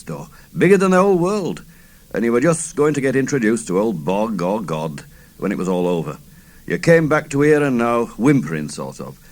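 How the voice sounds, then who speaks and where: A man's voice: lowish voice, breathy edge. A man in his fifties, an author reading his novel aloud in a theatrical, first-person style. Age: 50s. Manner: theatrical, swooping delivery.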